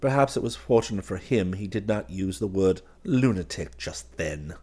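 Man, low voice, lively pitch, dramatic first-person gothic narration. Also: normal speed, husky. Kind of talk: scripted narration of a gothic story.

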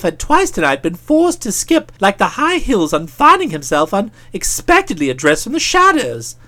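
A woman narrating a comic audiobook in a brisk, expressive storytelling manner. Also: mid-range voice.

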